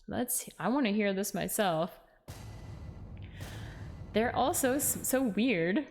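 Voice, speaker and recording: A woman's voice: medium pitch, lively intonation, a little mellow, faint music behind. Casual woman streamer reading game lines. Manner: casual, quick to laugh, reads lines in mock-formal tone. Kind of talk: live game playthrough with read-aloud dialogue.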